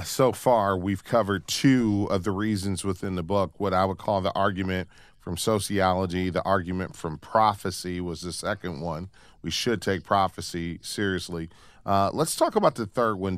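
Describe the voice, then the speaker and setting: Smooth, low-voiced male radio host. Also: no echo. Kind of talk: Christian radio talk.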